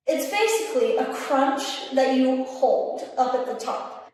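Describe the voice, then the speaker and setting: A young woman with a high voice leads an exercise demonstration at an unhurried pace, counting reps aloud and getting out of breath as she works. Her voice comes from well away from the mic in a very echoey room. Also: far from the mic. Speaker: fitness instructor.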